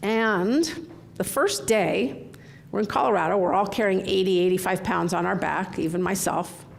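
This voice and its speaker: A middle-aged woman giving a conference keynote from the stage, telling candid stories in an animated way. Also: mid-range voice, normal speed, gravelly, slight background noise. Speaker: keynote speaker. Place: large conference hall.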